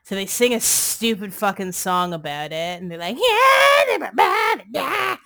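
At a normal speed and in a lowish, fairly bright voice, a woman co-hosting a comedy podcast gives a casual movie rundown. She wanders off on tangents, stays sarcastic, curses often and keeps saying "like."

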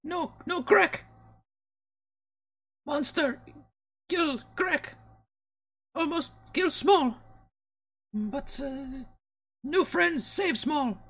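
A man voicing a small, timid female kobold who speaks in halting, broken phrases. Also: very high-pitched, bright, forceful tone, voice pushed up, full character voice. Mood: plaintive.

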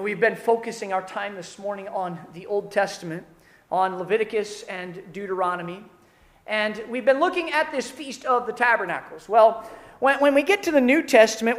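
A pastor delivering an earnest sermon that swells to fervent near-shouting. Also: mid-range voice. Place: church sanctuary. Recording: roomy echo of a church room.

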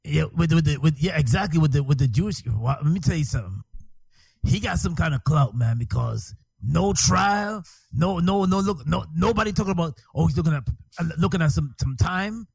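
A man with a gravelly, husky voice who keeps chiming in with quick agreement during a casual podcast chat. His pitch sits slightly high, and he is recorded on a close, dry mic. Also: lively intonation, no room sound. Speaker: podcast co-host.

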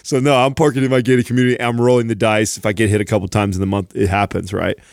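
Animated man telling a story, dry mic. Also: lowish voice, fast talker, creaky, no echo. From San Jose area, California. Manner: animated storyteller, swears freely. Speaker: podcast co-host. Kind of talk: casual storytelling chat.

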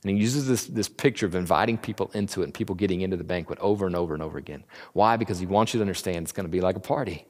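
Casual male Bible teacher with a lowish voice, chatty, plays out quotes in voices; echoey church hall. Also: rapid-fire, hardly any pauses. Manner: conversational, acts out quotes in slangy voices. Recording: long reverb of a large room.

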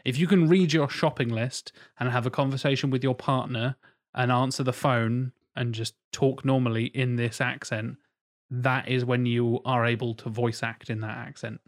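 A man's voice: mid-range voice, steady tone, normal speed. Blunt, sweary man in casual chat. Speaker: podcast co-host.

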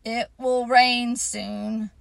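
A woman voicing a gloomy old male donkey who speaks slowly and mournfully. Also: on the high side, level tone, creaky, fairly bright tone, no room sound, full character voice. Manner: slow, glum, resigned.

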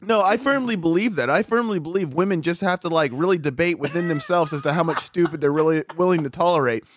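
A man's voice: a little high, fast, a little hiss or hum. A forty-year-old man telling a story in casual chat, swearing freely and acting out quotes. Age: 40s. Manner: profane, animated storytelling with acted-out quotes.

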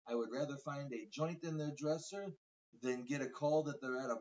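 A man co-hosting a casual podcast, earnest and opinionated, giving his views in a measured way. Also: medium pitch, a little mellow. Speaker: podcast co-host. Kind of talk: casual conversation. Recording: lo-fi audio from a distance off mic.

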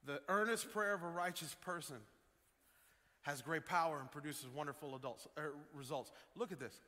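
A man preaching a sermon as pastor, animated, swinging up to loud emphatic peaks. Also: on the high side, normal speed. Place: church sanctuary. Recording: long hall reverb with faint music.

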